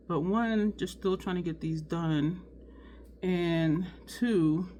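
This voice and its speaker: A woman's voice: low-pitched, a little mellow, a little hiss or hum. A woman chatting casually through a makeup tutorial at home, sweating and talking to her viewers as "y'all". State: sweating, overheated. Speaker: beauty vlogger.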